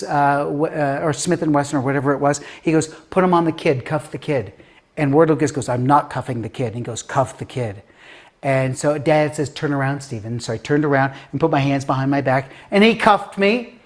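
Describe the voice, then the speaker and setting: A man in his fifties from Denver, a guest author telling a story in an interview and acting out the voices of people he quotes. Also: fairly high pitch. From Denver, USA. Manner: animated, acts out quoted voices with filler words.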